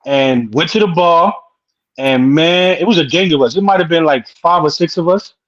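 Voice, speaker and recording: A man's voice: on the high side, moderate pace, fairly bright tone, muffled recording. A man in casual chat who chimes in with short reactions and then tells his own story.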